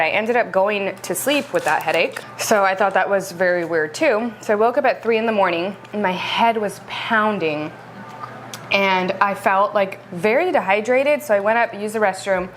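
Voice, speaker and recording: Fast-talking young woman vlogger. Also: mid-range voice, slight background noise. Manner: chatty, animated, laughs between bites. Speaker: vlog co-host. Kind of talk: casual storytelling to camera.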